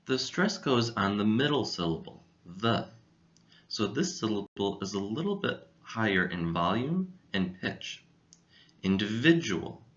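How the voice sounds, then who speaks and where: Deep-voiced man teaching a vocabulary lesson. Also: a bit bright, dull audio. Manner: clear, deliberate, enunciates syllables. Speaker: English teacher.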